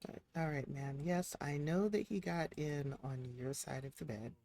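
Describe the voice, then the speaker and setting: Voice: mid-range voice, moderate pace, dark tone, slight background noise. A game streamer chatting casually through a live stream, talking to the characters on screen as they play. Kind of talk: casual live-stream commentary while playing.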